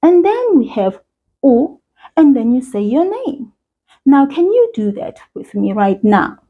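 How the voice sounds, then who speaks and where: A woman's voice: high voice, very animated, unhurried, narrow, tinny audio. A woman with a South African accent teaching a beginner language lesson for children, speaking in a patient, encouraging way.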